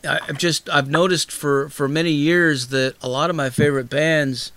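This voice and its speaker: A man's voice: on the high side, fairly even intonation, moderate pace, fairly bright tone, dry recording. A man hosting a casual interview, rambling and swearing freely with lots of fillers. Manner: loose, profane, rambling with many fillers. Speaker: host.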